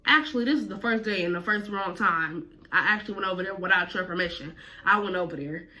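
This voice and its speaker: A woman's voice: lowish voice, fast, bright, forceful tone. A woman vlogger telling a personal story casually, full of slang and cursing. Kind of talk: storytime vlog.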